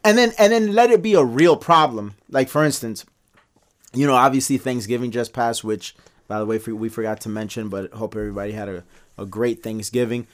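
A man co-hosting a casual podcast discussion, talking in animated bursts with many restarts and pitch jumps when he makes a point. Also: a little fast. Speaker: podcast co-host.

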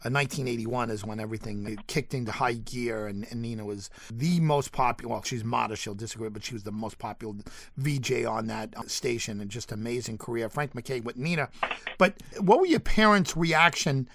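A man's voice: mid-range voice, brisk, fairly bright tone, no echo. Long Island man hosting an interview. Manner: enthusiastic, rambling questions. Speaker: podcast host.

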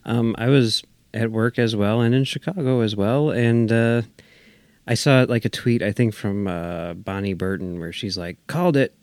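Lowish guy on a podcast acting out how he reacted, dry sound. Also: normal speed, dry recording. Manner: animated, acts out his own reactions. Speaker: podcast guest. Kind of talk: casual podcast chat.

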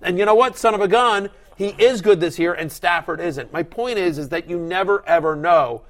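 A middle-aged man with a fairly high voice hosts a fantasy football talk show. He speaks with emphatic energy, builds his points forcefully, and slips into mock voices to act out what others would say. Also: normal speed. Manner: animated, emphatic, acts out quoted voices. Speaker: fantasy football analyst host. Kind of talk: casual sports talk.

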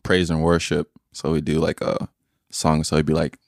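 A man's voice: rumbling low, completely flat delivery, normal speed, slight background noise. A young man from Nigeria co-hosting a podcast, chatting casually and joking with a laugh. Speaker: podcast co-host. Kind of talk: casual chat.

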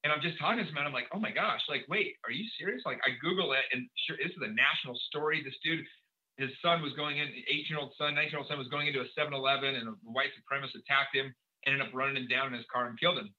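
A man tells a personal story as a podcast guest, racing through it at high speed and acting out bits of dialogue. His voice is sharp and forceful, with lots of "um"s and "uh"s along the way. The recording sounds dull and lo-fi. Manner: rapid, animated storytelling with many fillers and acted-out dialogue.

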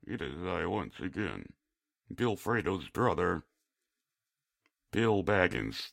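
A man voicing a grim man who speaks through a hole in his throat, in a slow mock-solemn drawl. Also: low voice, lively intonation, vocal fry, exaggerated voice. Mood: droning.

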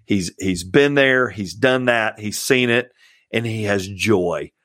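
A man's voice: lowish voice, slow, no echo, studio quality. A man, a pastor, telling stories in an earnest, heartfelt way as a podcast guest. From Georgia, US. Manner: earnest storytelling, warm about mentors. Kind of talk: casual interview chat.

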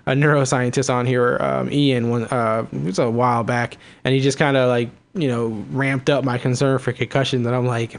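Quick rambly guy hosting a football podcast, lots of um and you know. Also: medium pitch, fairly even intonation, gravelly. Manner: rambling, lots of fillers and restarts. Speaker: podcast host. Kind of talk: casual fantasy football chat.

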